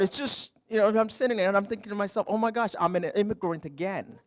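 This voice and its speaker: A middle-aged man, a pastor, preaching a conversational sermon, telling stories with humor and moving from quiet lows to loud emphatic highs. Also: fast talker, hardly any pauses. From Canada.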